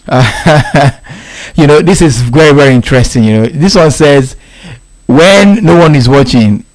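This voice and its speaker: A man's voice: a little high, animated, unhurried. A man hosting a casual radio live stream, reading listener answers aloud with frequent laughs and repeats. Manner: amused, laughing often, repeats lines. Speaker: radio host.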